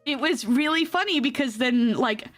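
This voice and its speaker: A young woman VTuber telling a story in a casual, animated way, laughing often. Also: moderate pace, faint music behind. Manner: animated, laughs often, acts out quotes in high squeals. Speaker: VTuber streamer.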